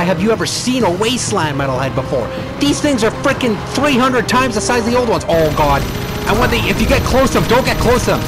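Excitable, shouting let's-play host. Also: male voice, high voice. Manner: excitable, shouting, swearing at enemies. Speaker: gaming channel host. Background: game music.

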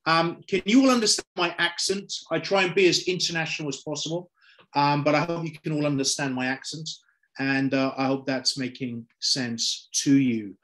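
Upbeat London man pitching online. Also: steady tone, normal speed, a bit bright. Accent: London English. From London, England. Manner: upbeat, salesy, repeats "okay?" and "right?". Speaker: presenter. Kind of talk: online sales presentation. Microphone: video call.

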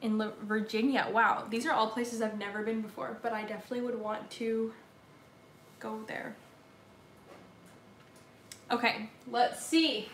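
A woman's voice: a little high, little pitch movement, measured pace, pauses often, a bit bright, roomy sound, slight background noise. A young woman hosting a casual live stream from her kitchen, chatting and answering viewer comments. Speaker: livestream host. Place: home kitchen.

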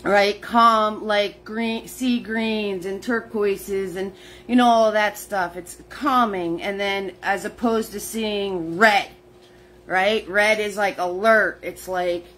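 Slow, chatty woman hosting a paint class. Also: mid-range voice, fairly even intonation, fairly bright tone, a little hiss or hum, poor audio. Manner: chatty, greets viewers by name, laughs often. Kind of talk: live-streamed painting lesson.

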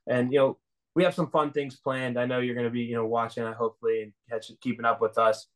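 Fast-talking young man, flat delivery. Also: medium pitch. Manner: rambling, enthusiastic storytelling with many "you know"s. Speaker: reality show winner, interviewee. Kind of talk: casual interview chat.

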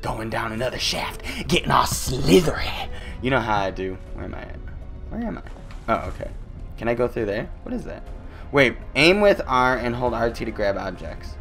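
A young man doing loud, joking let's-play commentary, his voice swinging high and low as he plays. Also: expressive, normal speed, faint music behind. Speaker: gaming YouTuber.

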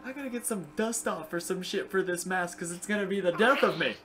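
A young man giving casual, excitable gameplay commentary, swearing and chatting to the game's creatures. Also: high voice, brisk, faint music behind. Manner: excitable, profane, talks to game creatures. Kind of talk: casual let's play commentary.

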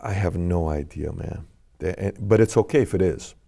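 A man's voice: deep voice, normal speed, vocal fry, dark tone. A middle-aged man, a podcast guest, telling a personal story in an earnest, questioning way.

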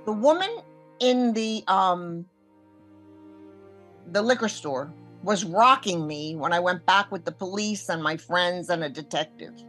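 An older woman recounting how she was scammed, acting out the voices of others and swinging between hushed and loud moments. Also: fairly low pitch, expressive, a little slow, faint music behind. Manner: vivid, acts out quoted voices, shifts between hushed and loud. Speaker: scam victim telling her story. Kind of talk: emotional first-person storytelling.

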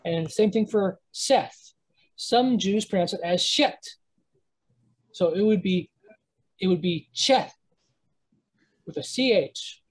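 A woman's voice: lowish voice, normal speed, darkish tone, breathy edge, low-quality recording. A woman teaching a Hebrew pronunciation lesson to a live class, thinking aloud with many restarts and self-corrections as she sounds out words. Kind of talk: live class lecture with students.

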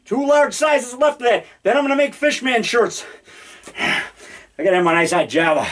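A man in his fifties rambling excitedly through a home video in his basement, now and then growling mock monster roars. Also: extremely high pitch, moderate pace, pauses often. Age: 50s. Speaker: independent horror filmmaker. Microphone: handheld digital camera.

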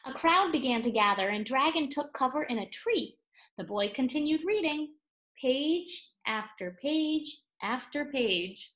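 A woman reading a children's picture book aloud, pausing to explain words and add playful asides. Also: high voice, lively intonation, a bit bright. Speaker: read-aloud storyteller for children.

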